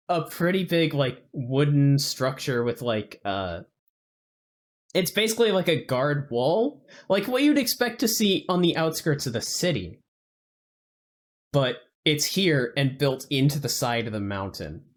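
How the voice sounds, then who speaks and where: A laid-back game master who narrates in a rambling, swear-peppered way. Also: medium pitch. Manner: loose and rambling, full of "like" and casual swearing.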